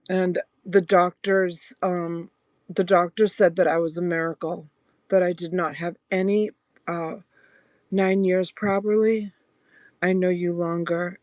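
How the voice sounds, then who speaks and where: A slightly mellow female voice with no echo belongs to a middle-aged jewelry seller on a live stream. She's a chatty storyteller, sharing a personal tale between items and pitching her voice up high when quoting.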